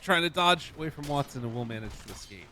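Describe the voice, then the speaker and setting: A man's voice: on the high side, animated, quick pace, pushed and bright, a little hiss or hum. A man calling a live esports match play by play, building up as the action heats.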